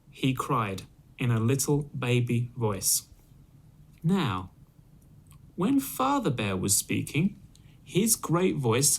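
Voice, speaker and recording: Slow, expressive male storyteller. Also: mid-range voice, gravelly. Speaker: storyteller for English learners. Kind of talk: storybook reading aloud.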